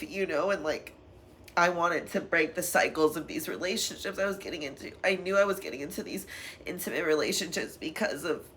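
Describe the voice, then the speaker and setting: A woman's voice: lowish voice, a bit bright. Young woman, candid vlog voice, rambling and emotional, faint noise behind. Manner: emotional, tearful at times, laughing through it; rambling with frequent fillers. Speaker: vlogger.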